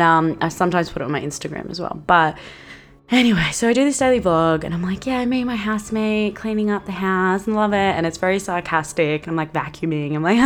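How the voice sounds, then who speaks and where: A young woman in her twenties, hosting a podcast and telling a story in a brash, sweary, animated way. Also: low voice. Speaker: podcast host. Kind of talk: casual storytelling monologue.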